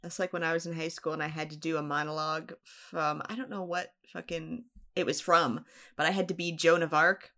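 A young woman in casual conversation, relaxed and quick to laugh. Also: low voice. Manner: laughs often, relaxed and unhurried. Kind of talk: casual chat.

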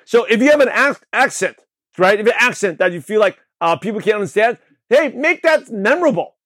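A man from Brooklyn, New York, hosting a show and giving an energetic motivational talk on network marketing, with a slight lisp, often checking in with the listener. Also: high-pitched, a little fast, no echo. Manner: energetic, repetitive, asks the listener questions. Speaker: podcast host, network marketing coach.

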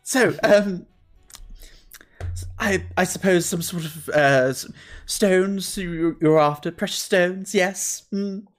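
A man's voice: slow pace, soft background music. A man voicing a fussy, balding gnome jeweler who is obsessed with cleanliness, in a prissy, disdainful manner. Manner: prissy, disdainful, high-pitched and fluttery.

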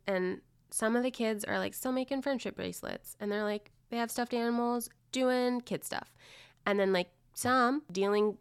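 A woman guest on a podcast, talking in a chatty, animated way about teaching, full of likes. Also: medium pitch, vocal fry, clear, resonant tone, no echo, studio quality. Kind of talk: casual chat.

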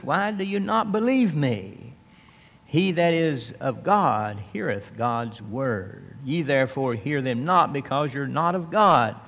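A man preaching from the Bible, reading verses slowly and then explaining them in plain speech. He rises for emphasis and drops low and soft. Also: long reverb tail. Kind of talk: expository Bible teaching.

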